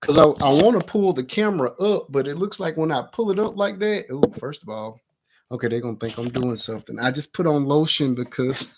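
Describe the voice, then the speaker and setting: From indoors at home, a man hosts a casual livestream, chatting and muttering to himself as he adjusts his camera, picked up by the camera mic. His voice is on the high side, expressive and sharp-toned, and he speaks briskly.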